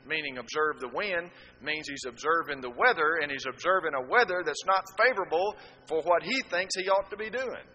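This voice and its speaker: A man's voice: a little high, lively intonation, moderate pace, sharp tone, long reverb tail, muffled recording. A man preaching a sermon, telling folksy stories with rhetorical asides.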